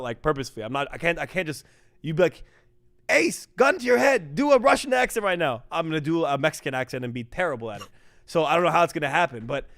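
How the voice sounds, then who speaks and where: A man's voice: fairly high pitch, fairly bright tone. A man casting a live esports stream, rambling and joking while talking to chat. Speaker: esports caster.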